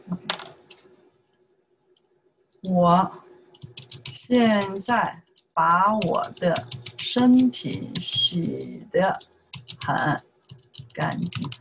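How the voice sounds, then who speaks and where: A woman with a Chinese accent, a native Chinese speaker, teaching a casual language lesson in slow, repetitive steps and checking "okay?" after each point. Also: lowish voice, slight background noise, poor audio. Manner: slow, repeats words, says okay often.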